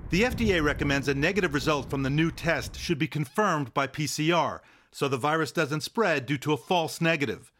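A man reporting as a medical correspondent, calm and explanatory. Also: fairly high pitch, a little fast. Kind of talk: news report narration.

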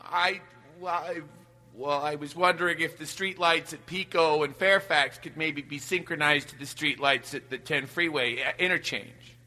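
A man's voice: on the high side, normal speed, sharp tone, voice pushed down. A man voicing a fussy homeowner who complains earnestly and stammers when pushed. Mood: meek. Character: fussy complaining male homeowner, meek and whiny. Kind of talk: improvised comedy sketch. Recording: reverb-soaked, faint music behind.

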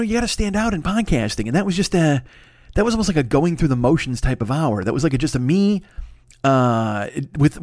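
A man's voice: a little high, no echo, studio quality. A man hosting a solo podcast, ranting casually with lots of profanity and self-deprecating, rambling riffs. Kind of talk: casual comedic rant.

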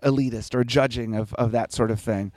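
A man's voice: mid-range voice, steady tone, a little fast, a little mellow, a little hiss or hum. A man in his forties, telling stories in a casual interview with a lot of swearing and laughter. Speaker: guest musician.

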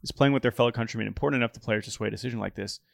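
Man, podcast co-host, gravelly voice, chatty and jokey, dry close sound. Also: mid-range voice, very fast, dry recording. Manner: chatty, jokey, many restarts. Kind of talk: casual chat, reading listener emails.

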